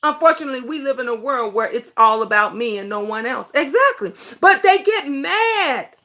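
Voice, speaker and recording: A woman's voice: high voice, expressive, normal speed, sharp tone. A middle-aged woman hosts a talk show, ranting in a profane, emphatic monologue full of rhetorical questions.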